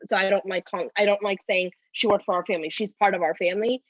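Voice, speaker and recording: Speaking quickly with fairly even intonation, a woman in her thirties shares personal stories as a podcast guest, her mid-range voice spilling out in rambling run-on phrases full of "like." She sounds tearful at times. The recording is dry and the audio dull.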